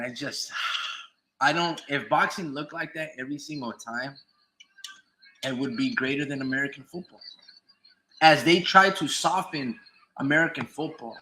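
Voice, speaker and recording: A man talks straight to his viewers in a loose, profane monologue about fighters and trainers. His voice sits a little high and rings bright and forceful, and he drives home each point by repeating it. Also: a little hiss or hum, low-quality recording. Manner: emphatic, repetitive, swears freely. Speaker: boxing commentator streamer. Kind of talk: casual profane opinion monologue.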